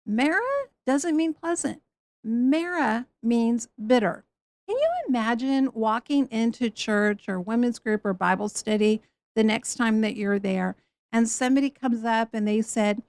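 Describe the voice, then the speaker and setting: A woman teaching the Bible in an animated storytelling way, acting out the people she quotes. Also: on the high side, unhurried, no room sound.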